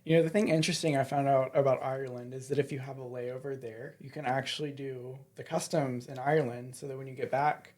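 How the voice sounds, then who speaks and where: A man's voice: medium pitch, fairly even intonation, fast talker, hardly any pauses, darkish tone. A man hosting a podcast, asking questions and chiming in with short, friendly comments in a casual interview. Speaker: podcast host.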